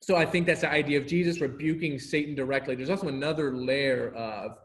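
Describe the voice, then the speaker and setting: A man teaching a casual Bible class, animated and laughing often, acting out the people he quotes. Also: on the high side, fairly quick.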